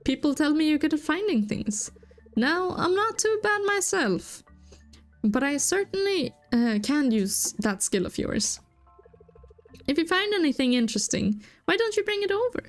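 A woman reads a video game's dialogue box aloud, voicing a downcast, earnest young male museum curator. She raises her voice only a little, so it comes out high-pitched, above her natural voice, and very animated, at normal speed with faint music behind.

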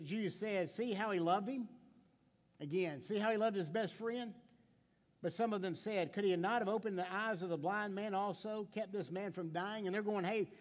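A man delivers an impassioned sermon as a pastor, his voice sitting high for a man. He swings between fired-up emphasis and quiet, hushed asides, putting questions straight to the congregation. A long reverb trails off each phrase.

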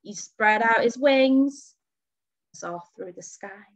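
Very slow, expressive woman reading a storybook. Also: on the high side. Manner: expressive, dramatic reading with whispers and gasps. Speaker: school storyteller. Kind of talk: children's storybook read-aloud.

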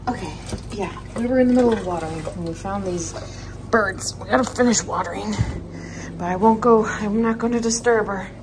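A woman vlogging from her garden, excitable and out of breath, talking in a rush full of "like" and sometimes dropping to hushed whispers. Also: mid-range voice, fairly quick, background noise. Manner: excitable and emotional, lots of "like"; drops to hushed whispers near the nest. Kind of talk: casual vlog to camera. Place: outdoors in a home garden and deck.

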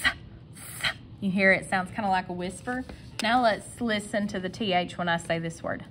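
A woman teaching a kindergarten phonics lesson, sounding out letters slowly and stretching each sound. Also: mid-range voice, fairly bright tone, a little hiss or hum.

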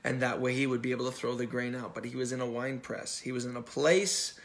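A man's voice: mid-range voice, steady tone, fairly quick. A male pastor preaching a sermon in a conversational style, with restarts and self-corrections, acting out the dialogue from the story.

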